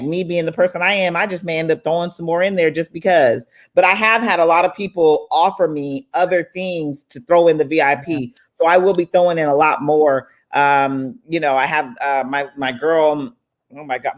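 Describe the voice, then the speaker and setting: A woman hosting a live online summit in casual, motivational chat. She sounds affectionate and upbeat, calling listeners "baby" and "y'all". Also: sits low. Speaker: summit host.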